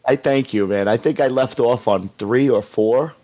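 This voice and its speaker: A man's voice: mid-range voice, moderate pace, dark tone, muffled recording. A man from Staten Island with a New York accent, chatting casually as a guest co-host on a podcast and laughing often. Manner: laughs often, drops into movie-star impressions.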